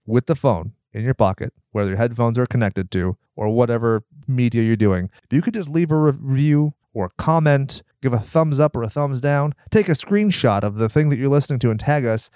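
A man's voice: medium pitch, a little fast, hardly any pauses, mellow, no echo, clean studio sound. A nasal-voiced man hosting a podcast, rambling through plugs with crude jokes and self-deprecation. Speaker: podcast host. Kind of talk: casual podcast outro and plugs.

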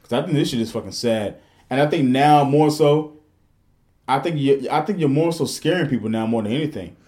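A man in his thirties chats loosely on a podcast. He swears constantly and tells stories with lots of false starts. His pitch sits in the middle range for a man. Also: a little fast. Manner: profane, animated storytelling with rambling restarts. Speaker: podcast host. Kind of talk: casual podcast chat.

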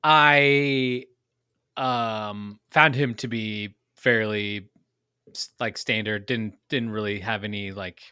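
Bright-voiced chatty man, dry sound. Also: lowish voice, steady tone, slow pace, smooth, dry recording. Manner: chatty, musing, dry humor. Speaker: podcast co-host. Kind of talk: casual movie review chat.

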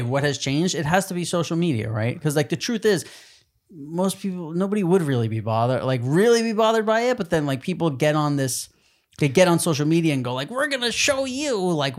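A man's voice: a little high, expressive, fairly quick. A man co-hosting a podcast, chatting casually, joking and laughing often. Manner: jokey, laughs often, does goofy voices. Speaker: podcast co-host.

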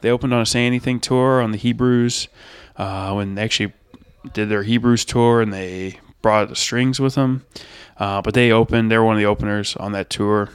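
A man's voice: on the low side, steady tone, moderate pace, clean tone, no room sound. A man hosting his own podcast, talking alone about bands he loves in a rambling, enthusiastic way with many fillers. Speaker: podcast host. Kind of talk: solo podcast music review.

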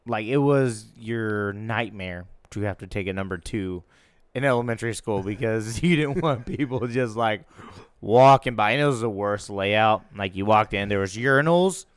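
Smooth-voiced man telling a story. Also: on the low side, moderate pace, no room sound. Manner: animated storyteller, laughs as he talks. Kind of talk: casual chat, storytelling.

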